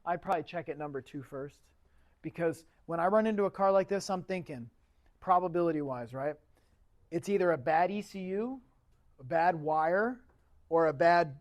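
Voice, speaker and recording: A man's voice: sits high, darkish tone. A man teaching an automotive class in a chatty, casual lecture style, often asking the students questions. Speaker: automotive instructor.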